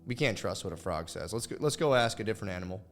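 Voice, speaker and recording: A man's voice: fairly low pitch, lively intonation, racing, faint music behind. A man voicing a desperate boy who pleads and bargains for his life. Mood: pleading. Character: desperate young boy caught by a crocodile.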